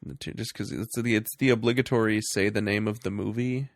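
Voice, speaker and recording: Gravelly sarcastic man, dry close mic. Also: fairly low pitch, steady tone, a little fast, dry recording. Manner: sarcastic, laughs often, breaks into mocking impressions. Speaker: podcast co-host. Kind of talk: casual movie review chat.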